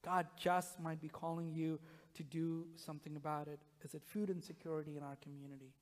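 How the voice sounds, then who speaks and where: Pastor guy preaching casual sermon, kinda high voice, lots of church echo, gets real hushed sometimes. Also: flat delivery, a little fast. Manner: conversational, drops to a hushed near-whisper at times. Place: church sanctuary. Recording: long reverb of a church sanctuary.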